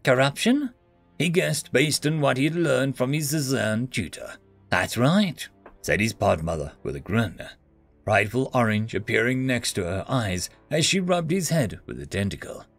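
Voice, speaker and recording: Expressive male story narrator. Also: mid-range voice, normal speed, gravelly, no room sound, faint music behind.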